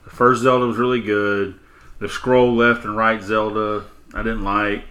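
Middle-aged male podcast co-host, bright tone, animated storyteller who laughs a lot. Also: on the low side, unhurried. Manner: animated storyteller, acts out quotes, laughs often. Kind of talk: casual chat.

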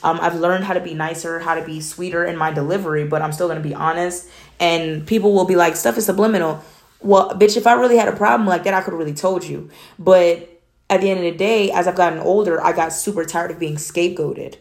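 A young woman from Atlanta hosts a relaxed solo podcast episode. Her voice sits a little low for a woman. She speaks bluntly and candidly, in a straight-to-the-point, matter-of-fact way. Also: fast talker, vocal fry. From Atlanta, USA. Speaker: podcast host. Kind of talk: casual solo talk.

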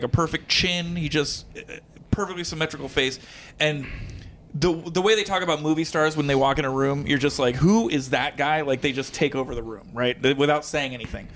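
A man casually telling an animated stand-up story, acting out quotes and using lots of fillers. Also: medium pitch, slight background noise. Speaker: guest comedian.

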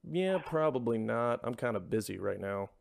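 A male podcast host talking in a deadpan, sarcastic way. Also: mid-range voice, normal speed, gravelly, no echo, studio quality. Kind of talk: casual podcast chat.

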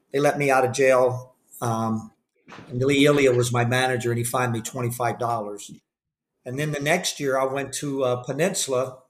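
An older man telling a candid story in an interview, rambling with restarts and fillers. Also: mid-range voice. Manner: acts out the voices of people he quotes; candid and self-deprecating. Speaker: podcast guest.

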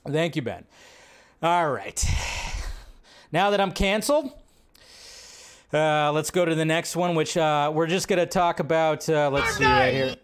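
A man's voice: a little high, measured pace, long pauses, a little hiss or hum. A man hosting a live movie news stream, joking, reacting to chat and riffing casually.

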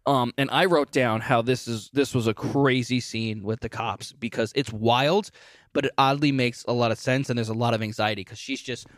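Animated man retelling a film, dry sound. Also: medium pitch, moderate pace, no echo. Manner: animated storytelling, acts out scenes in put-on voices. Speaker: co-host of a movie review show. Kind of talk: casual movie review chat.

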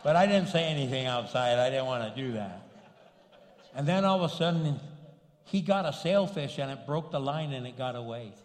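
A middle-aged man, a pastor, telling a story in a sermon with lively delivery and Spanish interjections. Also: medium pitch, moderate pace. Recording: long hall reverb.

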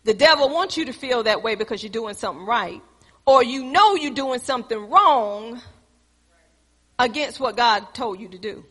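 Lady preaching, high bright voice, long echo like a big hall. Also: expressive, moderate pace, slightly rough. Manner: preaching with rising fervor, addressing the congregation. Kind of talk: sermon.

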